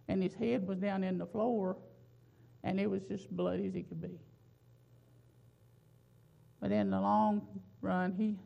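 A preacher delivering a sermon, slowing down to draw out and stress key words. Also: medium pitch, gravelly. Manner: slow, drawn-out emphasis on key words. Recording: dull lo-fi recording.

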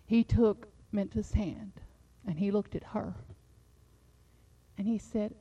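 A middle-aged woman preaching a sermon, moving from a quiet personal story into fervent, rising exhortation. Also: mid-range voice, slow, pauses often, husky. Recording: slightly dull lo-fi sound.

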